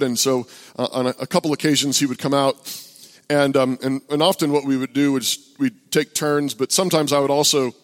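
A man, a pastor, telling a story in a halting sermon style full of fillers and restarts. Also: a little high. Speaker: pastor and open-air preacher. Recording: long hall reverb.

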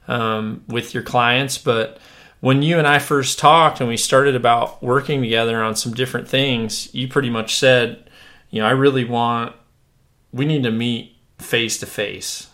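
A man hosting a casual podcast, talking in a relaxed, rambling way with many fillers and restarts. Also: mid-range voice. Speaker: podcast host. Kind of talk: casual chat.

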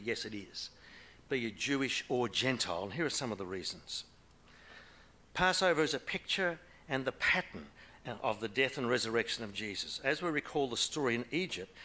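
A man preaching a sermon to a congregation, asking questions and swinging between soft near-whispers and loud calls. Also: mid-range voice.

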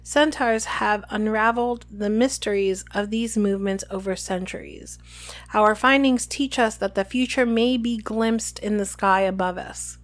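A woman voicing a calm, aloof male centaur teacher, reading his lines slowly and evenly. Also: medium pitch, close to an everyday voice. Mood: calm, lofty. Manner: slow, measured reading.

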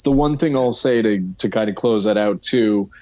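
A man's voice: fairly low pitch, moderate pace, crowd noise. A man co-hosting a podcast, chatting casually and eagerly recommending things. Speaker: podcast co-host. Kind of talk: casual chat.

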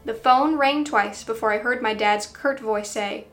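A woman's voice: a little high, a little slow, fairly bright tone, faint music behind. Woman narrating a first-person story.

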